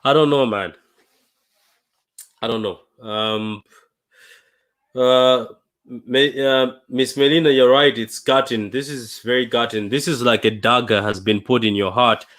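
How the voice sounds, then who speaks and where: A man's voice: mid-range voice, fairly even intonation, a bit bright. Gutted man hosting a fan livestream. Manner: dejected, repetitive, halting with many restarts. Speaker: fan channel livestream host. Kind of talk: emotional post-match fan livestream.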